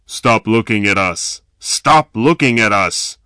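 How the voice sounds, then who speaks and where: A man's voice: lowish voice, animated, slow pace, bright, forceful tone, smooth, dry recording, clean studio sound, heavily acted. A man voicing a slight, jittery young male robber who snaps repeated orders, in a spoken story. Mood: snapping orders.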